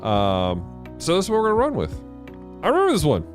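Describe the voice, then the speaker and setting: A man hosting a casual game livestream, animated and laughing often as he reads viewer comments aloud. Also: on the high side, fairly quick, over music. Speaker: game streamer and show host.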